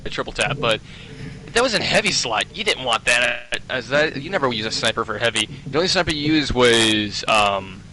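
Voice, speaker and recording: A man's voice: mid-range voice, animated, normal speed, bright, forceful tone, a little hiss or hum, rough recording. A man co-hosting a casual gaming chat, rambling with many fillers and restarts. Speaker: podcast co-host.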